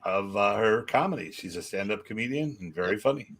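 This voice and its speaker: A man's voice: fairly low pitch, animated, fairly quick, noisy background. A man hosting a casual podcast, upbeat, plugging the show and introducing guests. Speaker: podcast host.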